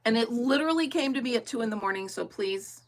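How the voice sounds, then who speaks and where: A woman's voice: fairly high pitch, expressive, quick pace. Chatty woman crafting on a livestream. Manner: chatty, laughing often, thinking aloud. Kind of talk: casual chat while crafting.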